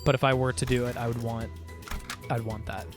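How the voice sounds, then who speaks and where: A man's voice: mid-range voice, level tone, fairly quick. A man streaming a game, chatting casually and joking with his viewers. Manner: playful, jokey, chatty with viewers. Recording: faint music behind.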